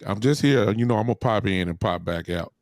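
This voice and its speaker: A man who regularly drops in on a podcast, talking with a showman's flair and addressing ladies and gentlemen. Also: fairly low pitch, a little fast, dry recording, studio quality. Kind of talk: casual chat.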